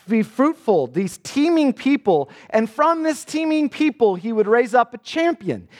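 A man preaching a sermon, reading scripture aloud with dramatic emphasis. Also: extremely high pitch. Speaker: pastor.

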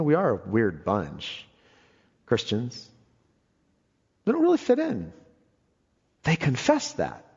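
A man preaching a sermon with emphatic delivery, swinging between soaring and hushed moments. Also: medium pitch, breathy edge. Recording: dull lo-fi audio with long hall reverb.

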